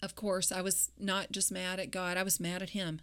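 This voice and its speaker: A mother talking about faith and grief in an interview, speaking reflectively and haltingly with many fillers. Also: fairly low pitch, little pitch movement, a bit bright, clear, resonant tone. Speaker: guest; grieving mother.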